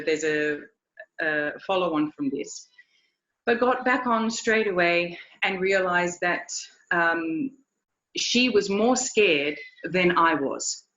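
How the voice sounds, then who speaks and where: A woman with a fairly low voice tells a story in earnest, often doubling back on her words. The recording is dull and lo-fi, with a roomy echo around her. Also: a bit bright. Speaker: riding instructor. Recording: echoey, dull lo-fi sound.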